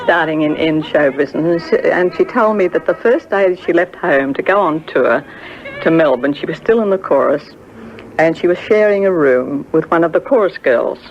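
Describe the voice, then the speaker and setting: A woman's voice: low-pitched, expressive, normal speed, lo-fi sound. An older woman telling a story about a singer she knew, hesitant and full of fillers, acting out what others said. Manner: hesitant, many fillers, acts out quoted voices. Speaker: friend recalling a singer. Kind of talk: reminiscing anecdote.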